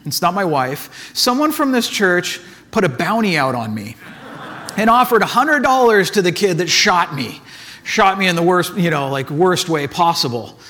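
A man's voice: high voice, big pitch swings, moderate pace, sharp tone. A man giving a casual, conversational sermon as a pastor, telling stories in a chatty way full of "like" and acted asides.

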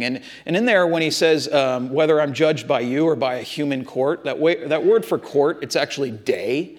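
Earnest preacher, fairly high male voice. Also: moderate pace, few pauses. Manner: earnest, repetitive, direct address to the congregation. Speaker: pastor. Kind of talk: sermon.

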